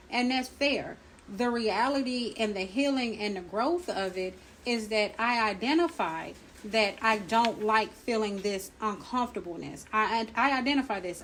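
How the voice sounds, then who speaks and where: A woman's voice: mid-range voice, slight background noise, rough recording. A woman hosting a faith-based grief podcast, talking reflectively and drawing on her own life. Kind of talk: supportive faith-based counseling talk.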